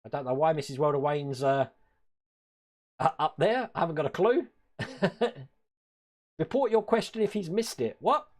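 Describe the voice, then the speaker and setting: A man's voice: fairly high pitch, lively intonation, unhurried, pauses often, darkish tone. A man from Wales hosting a casual live stream from his hobby room, rambling, chuckling often and answering chat.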